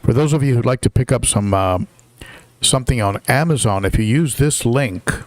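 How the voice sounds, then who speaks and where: A man's voice: medium pitch, normal speed, no echo. An older man hosting a casual live stream, chatty, with lots of fillers and restarts while greeting viewers.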